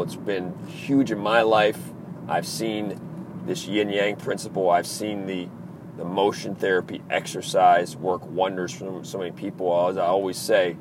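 A man's voice: deep voice, noisy background. Intense East Coast man, motivational host. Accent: East Coast American. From Maryland, US East Coast. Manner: intense, driven, emphatic repetition. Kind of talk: motivational monologue. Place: in a car in traffic.

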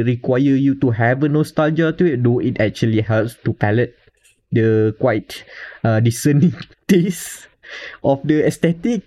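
A man's voice: medium pitch, mellow. A man with a Malaysian English accent, co-hosting a casual podcast panel and talking at length with restarts and small chuckles. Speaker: podcast co-host.

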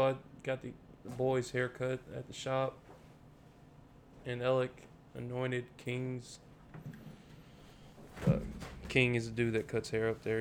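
A man's voice: mid-range voice, a little hiss or hum. A man co-hosting a casual podcast, laconic and dry, speaking in short remarks. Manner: laconic, dry, few words. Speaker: podcast co-host.

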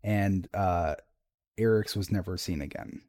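A man's voice: deep voice, a little slow, mellow, dry recording, studio quality. A man talking casually about game lore, rambling with fillers and restarts as he reads entries aloud. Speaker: podcast co-host discussing game lore.

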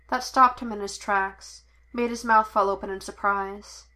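A woman reading a piece of fan fiction aloud as narrator, even and measured. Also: medium pitch. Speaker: podfic reader. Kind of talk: storybook narration.

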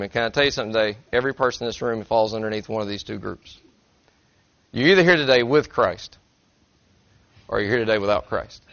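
A man's voice: mid-range voice, fairly bright tone. Folksy joking man preaching a sermon. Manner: folksy, self-deprecating, joking. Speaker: pastor. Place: church sanctuary. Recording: dry, slightly dull recording.

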